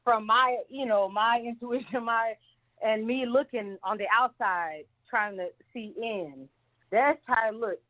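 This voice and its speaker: A woman's voice: a little high, measured pace. A woman calling in to a talk show, giving her opinion in a rambling, opinionated way. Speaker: caller. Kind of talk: call-in opinion. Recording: tinny phone line.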